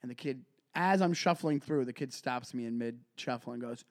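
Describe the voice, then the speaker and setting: A man's voice: medium pitch, normal speed, few pauses. A man co-hosting a comedy podcast, telling stories in casual chat and acting out the voices in them. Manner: animated storyteller, acts out quoted voices. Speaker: podcast co-host.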